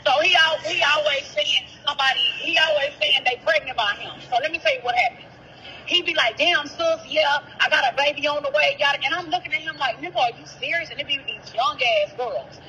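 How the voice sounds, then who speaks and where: High, bright-voiced woman caller. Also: brisk, slight background noise, poor audio. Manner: blunt, profane, animated storytelling with quoted dialogue. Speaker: caller, sister of the rapper discussed. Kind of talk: phone-in interview, heated storytelling.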